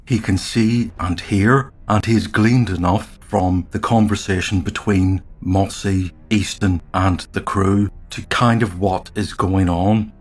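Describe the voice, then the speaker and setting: Deep-voiced man narrating a tabletop game. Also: slow, hardly any pauses. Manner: reads dialogue and narration in one steady storytelling voice. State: slight cold in the throat. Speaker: game master. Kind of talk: narrating a solo tabletop campaign.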